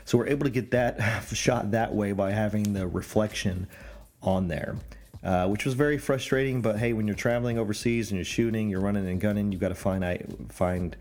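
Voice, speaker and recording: A man's voice: lowish voice, brisk, darkish tone, a little hiss or hum. A man hosting a podcast, rambling in a joking, teasing way with lots of fillers. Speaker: podcast host. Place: Pacific Northwest, rural mountains.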